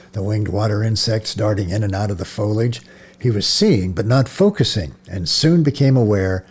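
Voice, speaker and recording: A man reading a novel aloud as narrator, measured, with occasional slips and restarts. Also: on the low side, darkish tone, slightly rough. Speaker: audiobook narrator.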